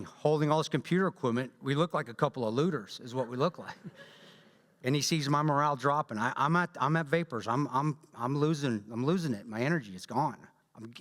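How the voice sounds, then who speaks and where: Guest speaker, male, Southern drawl; animated, blunt storyteller with jokes, long church-hall reverb. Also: medium pitch. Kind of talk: storytelling talk to a church audience.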